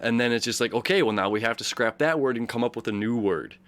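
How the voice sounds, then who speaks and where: A man's voice: mid-range voice, fast talker, a bit bright, a little hiss or hum. A man hosting a daily astrology show, talking through the chart in a rambling, casual way, full of fillers and restarts. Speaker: astrology host. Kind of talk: casual explanatory monologue.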